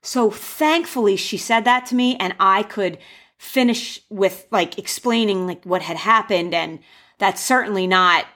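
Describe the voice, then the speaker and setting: A young woman casually telling the story of her wedding and giving advice, animated, acting out the quoted voices with gasps. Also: mid-range voice, measured pace. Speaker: bride sharing wedding advice.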